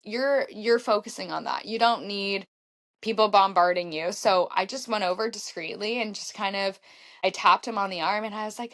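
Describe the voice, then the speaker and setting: A woman in her thirties tells a story to a podcast host in an easy, chatty way. Her voice jumps high when she acts out what she said, then settles back into a mid-range telling. The pitch sits in an ordinary middle range for a woman. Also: brisk. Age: 30s. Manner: animated, acts out her own quotes with big pitch jumps. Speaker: podcast guest, marathon runner. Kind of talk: casual storytelling.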